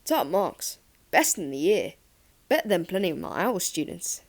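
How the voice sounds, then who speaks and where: A woman voicing a gruff, kindly male professor with a Liverpool accent in an audiobook. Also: on the low side, very animated, moderate pace. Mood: proud.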